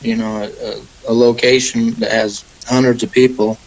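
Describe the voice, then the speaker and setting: Laid-back young fighter, rambling. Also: male voice, medium pitch, little pitch movement, normal speed, vocal fry, rough recording. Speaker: MMA fighter, guest. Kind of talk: casual interview answers.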